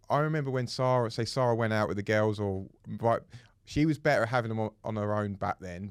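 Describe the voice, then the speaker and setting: A man's voice: mid-range voice, no room sound, clean studio sound. A man, co-hosting a casual podcast and rambling with frequent restarts. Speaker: podcast co-host. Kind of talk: casual chat.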